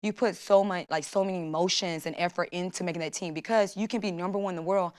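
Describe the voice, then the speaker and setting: Young woman athlete guest, lowish smooth voice, lively storyteller who acts out quotes. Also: fast talker. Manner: lively, acts out her own inner voice and quotes. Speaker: Olympic long jumper guest. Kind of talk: casual interview storytelling.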